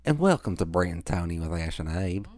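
A podcast host putting on a low, drawling impression of a male politician to open the show. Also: very animated, moderate pace, a little mellow. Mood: mock-formal. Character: man's gravelly political impression voice.

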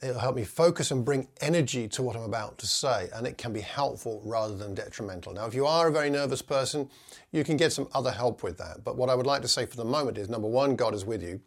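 Earnest man teaching with scripture readings. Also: medium pitch. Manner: measured, slows down to read scripture aloud; earnest and encouraging. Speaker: preaching instructor.

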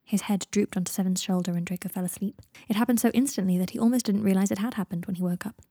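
A woman hosting her own podcast, reading her own story aloud in a calm, even manner. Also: medium pitch, fast talker, breathy edge, no room sound, clean studio sound. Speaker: podcast host and fanfic reader.

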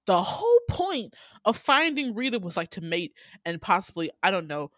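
A woman's voice: medium pitch, moderate pace, no room sound, clean studio sound. A young woman hosting a casual movie talk, retelling scenes with lots of laughter and playful character voices. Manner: animated storytelling, laughing, voicing characters. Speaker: podcast host.

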